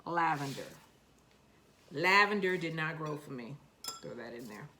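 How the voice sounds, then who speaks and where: A woman's voice: low-pitched, expressive, unhurried, pushed and bright, a little hiss or hum. A woman with a New York accent, chatting to herself and her seeds while planting them in a casual gardening vlog. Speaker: gardening vlogger.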